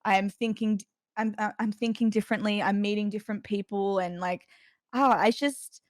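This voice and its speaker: A woman's voice: mid-range voice, steady tone, normal speed, no echo. Australian woman, twenties, giggly and chatty, dry close sound. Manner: giggly, chatty, trailing restarts. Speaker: guest. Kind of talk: casual interview chat.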